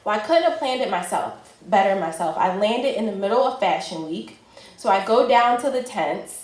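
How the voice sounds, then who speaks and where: A woman, a fashion entrepreneur, telling a personal story in a chatty, lively way with lots of filler words. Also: medium pitch, roomy sound, poor audio. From United States.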